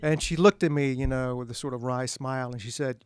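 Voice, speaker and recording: A middle-aged man, an author, telling self-deprecating anecdotes to an audience at a bookstore event in a relaxed, humorous way. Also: medium pitch, brisk, clear, resonant tone, dry recording, clean studio sound. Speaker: author speaking at a book event. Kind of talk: humorous storytelling talk to an audience.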